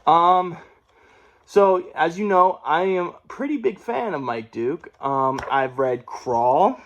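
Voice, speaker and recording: A man's voice: a little high, lively intonation, takes it slowly, fairly bright tone, dull audio, slight background noise. A young man talking casually about his new books, rambling with many fillers and restarts, and a mild stutter. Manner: rambling, with fillers and self-corrections. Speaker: book vlogger.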